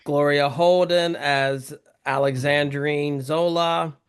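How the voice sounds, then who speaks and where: A man with a Southern US accent opens a film podcast and reads out facts in an easygoing way. His voice sits a little high for a man. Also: slow, clear, resonant tone. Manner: relaxed, reads facts, chuckles. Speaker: podcast co-host. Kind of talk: casual podcast chat.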